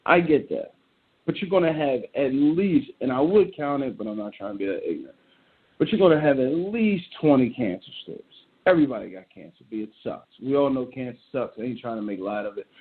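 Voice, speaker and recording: A man holds forth as host in loose, animated commentary, blunt and profane as he reacts out loud. His voice sits at an ordinary middle pitch. The sound is thin and tinny, like a phone line. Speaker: show host. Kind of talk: casual ranting commentary.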